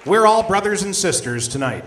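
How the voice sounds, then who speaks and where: A man's voice: high-pitched, big pitch swings, a bit bright, some chatter behind, slight background noise. Rousing male event host. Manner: rousing, drawn-out comic list. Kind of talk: event hosting. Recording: echoey hall.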